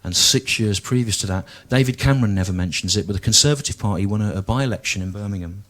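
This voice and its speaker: A man in his forties, from the English Midlands, does stand-up comedy. He talks in a dry, deliberate way and often repeats himself. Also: fairly low pitch, fairly bright tone. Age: 40s.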